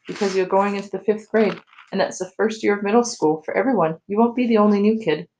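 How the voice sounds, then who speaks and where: A woman voicing a gentle, caring mother who patiently coaxes her son in a storybook reading. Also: mid-range voice, fairly even intonation, quick pace, muffled recording, a little hiss or hum, voice pushed up, close to an everyday voice. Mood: coaxing. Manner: patient, coaxing.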